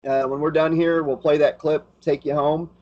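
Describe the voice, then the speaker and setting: A man hosting a podcast, talking loosely and rambling along with lots of ums and uhs. His voice sits a little high for a man. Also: level tone, normal speed, dull audio. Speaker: podcast host. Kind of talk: casual podcast chat.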